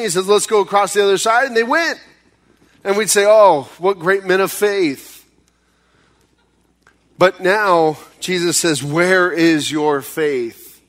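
A male pastor preaching with a fairly high voice. He talks to the congregation like a friend, then jumps up in pitch to act out desperate pleas. For weighty points he drops low and slows right down. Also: a bit bright. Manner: conversational preaching, acting out quoted pleas with sudden high bursts. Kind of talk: sermon.

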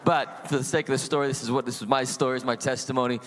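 A middle-aged male pastor preaching a sermon and telling his testimony in an animated storytelling way, acting out voices in the story. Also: medium pitch, rapid-fire, in a large hall, slight background noise. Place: church.

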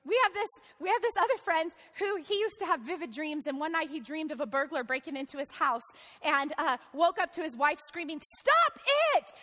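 A woman's voice: high-pitched, brisk, fairly bright tone, long reverb tail. A woman pastor preaching a sermon in a conversational way, asking the congregation questions.

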